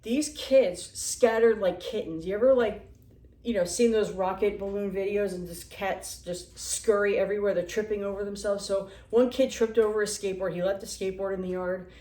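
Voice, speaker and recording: A woman casually telling funny stories as a vlogger in her home kitchen, animated and chatty, talking while she eats. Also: medium pitch, moderate pace. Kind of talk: casual storytelling. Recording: echoey room.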